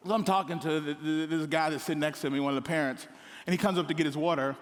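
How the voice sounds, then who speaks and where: A middle-aged man delivers a humorous sermon, his voice sitting high. He jumps into playful little voices for the people in his stories. A long hall echo trails each phrase. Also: fast talker. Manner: animated, joking, with playful voices for others. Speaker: pastor. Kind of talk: comedic sermon storytelling. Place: large hall on stage.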